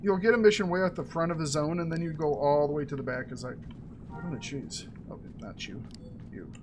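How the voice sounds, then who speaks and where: A man chatting casually as he plays through a game, thinking aloud and getting excited over his rewards. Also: on the high side, brisk, noisy background. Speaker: gaming channel host. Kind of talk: casual let's-play commentary.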